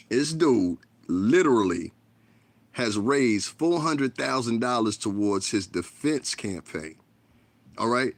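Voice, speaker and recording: A man's voice: medium pitch, creaky, dry recording. A man from the United States hosting a casual livestream from his bedroom, rambling frankly and profanely into a tablet. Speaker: livestream host.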